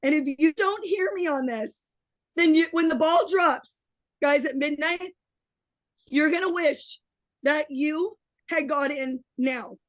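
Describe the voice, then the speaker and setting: A middle-aged woman with a high voice delivers a fervent, emotional webinar pep talk, her voice a little worn from daily sessions. The sound is dry and close. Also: takes it slowly, no echo, rough recording. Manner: impassioned, emotional, preachy. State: losing her voice. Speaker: online business coach.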